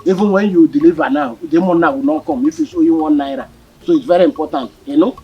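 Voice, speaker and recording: A man's voice: a little high, quick pace, breathy edge, muffled recording. A man with a Nigerian accent playing a village meeting secretary, explaining things in an easygoing way. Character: talkative middle-aged village man. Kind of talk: Nollywood film acting.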